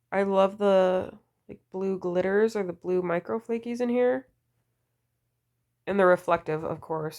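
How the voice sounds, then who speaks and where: Chatty woman with a cold, low voice. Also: a little mellow. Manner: chatty, gushing, filler-heavy. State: has a cold, voice deeper and slightly slurred. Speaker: nail polish vlogger. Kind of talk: casual wishlist chat.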